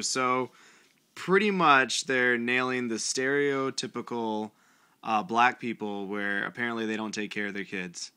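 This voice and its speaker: A man's voice: medium pitch, normal speed, pushed and bright, smooth. A man giving crude, sarcastic commentary while reading a children's book aloud. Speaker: vlogger. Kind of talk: mocking read-aloud commentary.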